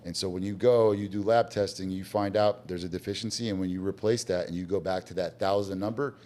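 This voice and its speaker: A man's voice: deep voice, fairly quick. A man telling his business story bluntly in casual talk, acting out the voices of people he quotes. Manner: blunt, animated, acts out quoted dialogue. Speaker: guest business owner.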